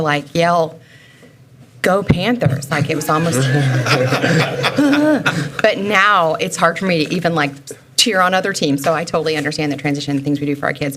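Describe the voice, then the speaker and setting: A woman's voice: sits low, a bit bright, a little hiss or hum. A woman school board member giving earnest, personal remarks at a public meeting.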